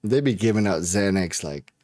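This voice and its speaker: A man's voice: deep voice, animated, normal speed, darkish tone, no echo, clean studio sound. A young man co-hosting a comedy podcast in loose, profane, laughing chat. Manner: laid-back, swears a lot, laughs often. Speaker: podcast co-host.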